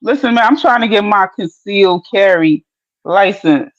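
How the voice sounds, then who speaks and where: A woman from New York chatting casually on a podcast, with slow, drawn-out, playful banter. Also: medium pitch, dry recording, lo-fi sound.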